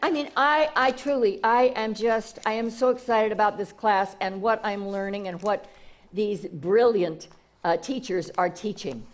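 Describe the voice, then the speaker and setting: A woman's voice: medium pitch, a little slow. A woman spiritual teacher giving an enthusiastic inspirational talk, repeating herself and restarting phrases often.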